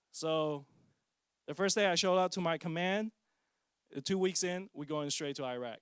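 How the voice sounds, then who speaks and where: A man's voice: on the high side, normal speed, smooth, no room sound, studio quality. A man in his forties giving a casual personal testimony as a parent, joking and poking fun at himself. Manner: casual, joking, self-mocking storyteller.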